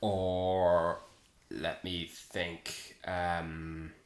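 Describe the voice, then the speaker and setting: A man co-hosting a film podcast, chatting casually in an animated, rambling way with frequent restarts. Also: deep voice, very slow. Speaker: podcast co-host. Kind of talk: casual film review chat. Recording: roomy echo.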